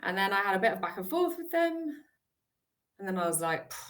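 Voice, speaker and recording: British actress guest, animated storyteller, voices her younger self. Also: mid-range voice, a little fast. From United Kingdom. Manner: animated, laughing storyteller who acts out her past self. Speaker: actor and guest. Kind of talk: storytelling interview talk.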